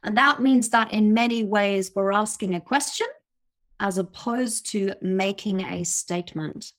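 A woman's voice: medium pitch, unhurried. A woman giving confident, emphatic expert advice as a guest in a podcast interview, laughing now and then at her own points. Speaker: communication coach, guest.

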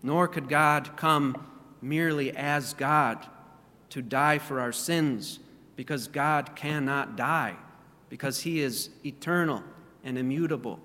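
A man's voice: medium pitch, takes it slowly, bright, forceful tone, big-room sound. A man preaching a sermon in a church, earnest and full of rhetorical questions. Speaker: pastor.

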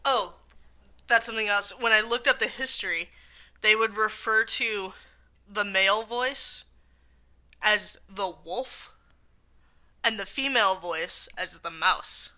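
A woman's voice: medium pitch, slow pace, long pauses, pushed and bright. A woman co-hosting a casual podcast chat, talking loosely and often quoting people in little acted lines. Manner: chatty, quotes people in play-acted lines. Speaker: podcast co-host.

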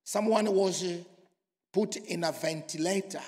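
A preacher from Congo, preaching emphatically and swinging from loud to hushed. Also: male voice, high-pitched, measured pace. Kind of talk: sermon. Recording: long hall reverb.

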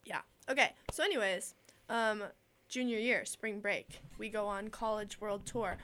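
A woman's voice: medium pitch, a little slow, a little hiss or hum. A young woman from Minnesota, co-hosting a podcast and telling stories in casual chat, acting out the voices she quotes. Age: young adult. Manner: animated storyteller, acts out quoted voices. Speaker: podcast co-host.

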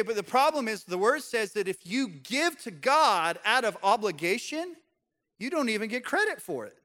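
High-pitched guy pastor preaching, lively and jokey, big echoey hall. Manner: animated, joking, puts on voices for examples. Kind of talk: sermon. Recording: long hall reverb.

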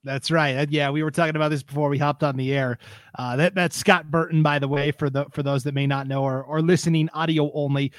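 A young adult man hosting a casual high school sports podcast, upbeat and joking with his co-host. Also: steady tone, fast talker, no echo.

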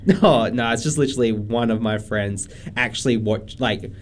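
A man's voice: medium pitch, normal speed, a little hiss or hum. A man chatting casually on a podcast, rambling with lots of fillers. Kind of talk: casual chat.

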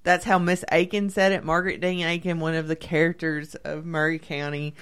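A woman's voice: sits low, little pitch movement, a little fast, a bit bright, clear, resonant tone. A woman with a thick Tennessee Southern accent, a talk show guest chatting and telling stories with frequent laughter. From Middle Tennessee. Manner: chatty storyteller, laughs often. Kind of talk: casual chat.

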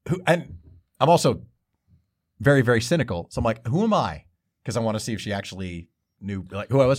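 Lively, fast-talking man, podcast co-host who acts out the quotes in his stories. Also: mid-range voice, slightly rough. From northern New Jersey. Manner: animated storyteller, acts out quotes. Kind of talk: casual comedic chat.

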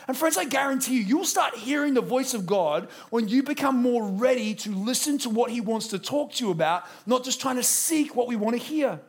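A man's voice: very high-pitched, animated, fairly quick, few pauses, breathy edge. A man preaching a sermon as pastor, acting out little dialogues as he goes.

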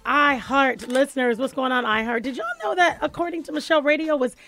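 A playful woman hosts a radio talk show from the studio, teasing her co-hosts and talking to listeners. Her voice sits a bit high. Faint music plays behind her. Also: fairly quick, fairly bright tone. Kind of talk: casual radio chat.

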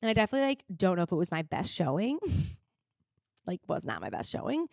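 This young woman, a podcast host, is very animated and talks fast in a lowish, creaky voice as she shares a personal story in a casual confessional monologue. She rambles with lots of fillers and grows emotional, even tearful at moments, in a dry, studio-quality recording.

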